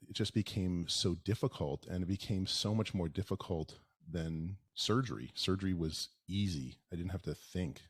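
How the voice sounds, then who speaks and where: A soft-spoken man being interviewed as a guest, answering in a halting way with many pauses and fillers. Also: low-pitched, husky, dry recording, clean studio sound. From Long Island, New York. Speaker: oral surgeon, interview guest.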